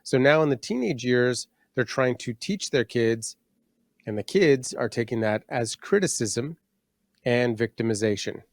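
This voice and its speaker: A man's voice: medium pitch, lively intonation, unhurried, no room sound, clean studio sound. A middle-aged man co-hosting a casual parenting podcast, telling stories about his own teenage years and laughing at himself. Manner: storytelling, laughs at himself, acts out his dad in quotes. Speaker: podcast co-host.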